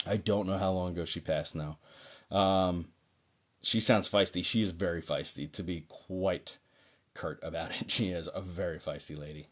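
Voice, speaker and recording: Low-voiced man hosting live psychic readings. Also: steady tone, normal speed. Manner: chatty, reassuring, filler-heavy, addresses viewers by username. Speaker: psychic medium host. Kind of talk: live-stream mediumship readings. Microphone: phone or desk mic on a live stream.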